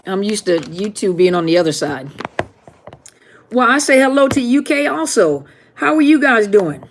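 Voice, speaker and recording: A woman's voice: medium pitch, big pitch swings, moderate pace, a little hiss or hum. A woman hosting a live question-and-answer stream, chatting casually and greeting viewers one by one by name.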